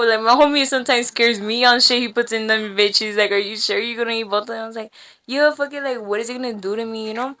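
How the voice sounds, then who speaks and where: A young woman guesting on a casual podcast tells wild stories, slangy and full of swearing, laughing as she goes. Her voice is a little high, pushed, and bright, and she's in a small room with podcast lights and a mic.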